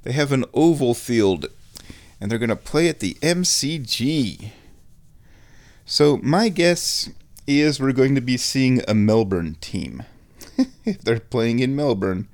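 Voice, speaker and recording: A man hosting a show on his own, thinking aloud in an excitable, self-mocking ramble. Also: mid-range voice, takes it slowly. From United States. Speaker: podcast host. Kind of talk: rambling solo chat.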